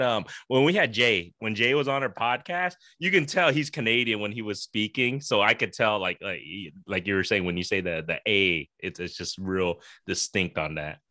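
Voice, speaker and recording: A man from the United States hosting a podcast, upbeat and quick to laugh, with lots of "uh" fillers. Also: mid-range voice, pushed and bright, dry recording, studio quality. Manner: upbeat, laughs often, fills with "uh". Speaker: podcast host. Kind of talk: casual chat.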